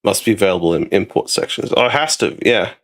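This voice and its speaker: Australian male host, casual rambling talk with lively, bouncing pitch. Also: fast. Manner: rambling, loose, swears casually. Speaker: streamer host. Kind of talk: casual chat.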